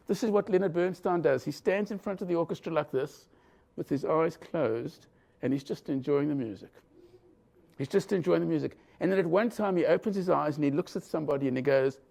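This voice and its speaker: A man's voice: on the high side, gravelly, darkish tone. A man giving an engaging leadership lecture, asking his audience questions as he talks. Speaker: leadership professor presenting a session. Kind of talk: lively lecture to a live audience. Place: conference room.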